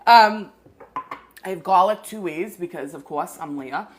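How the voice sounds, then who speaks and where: A woman's voice: on the low side, slow, a little hiss or hum. Woman host, casual live cooking stream, chatty and rambling. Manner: chatty, greets viewers, rambling asides.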